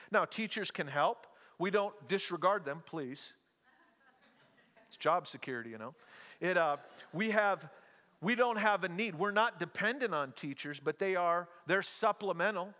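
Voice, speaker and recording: A middle-aged man preaching a sermon to a congregation, telling stories with playful, animated asides. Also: high-pitched, normal speed, in a large hall. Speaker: pastor. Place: church hall, live congregation.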